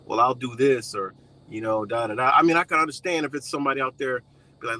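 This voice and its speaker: A man's voice: mid-range voice, fairly even intonation, fast, bright, forceful tone, low-quality recording. A man with a Western New York accent ranting casually to camera, blunt and profane, rambling with lots of fillers.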